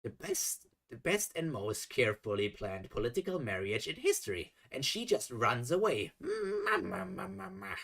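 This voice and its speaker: A man voicing an enraged, tantrum-prone pirate matriarch who rants and shrieks in a high-pitched voice. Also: huge pitch swings, normal speed, vocal fry, hardly any pauses, a bit bright, heavily acted. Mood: furious. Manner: shrieking, ranting.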